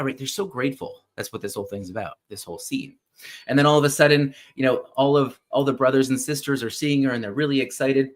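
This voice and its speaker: A man's voice: medium pitch, fast talker. Host-type man, chatty storyteller, keeps asking "right?", thinks aloud with fillers and restarts. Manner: animated, keeps checking in with listeners with "right?". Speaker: podcast host. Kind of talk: casual retelling of a classic story.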